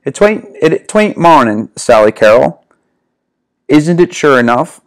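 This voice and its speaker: A man's voice: on the high side, sing-song, unhurried. A man voicing a drawling nineteen-year-old Southern girl with a self-conscious put-on Southern accent. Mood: teasing. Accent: put-on American Southern.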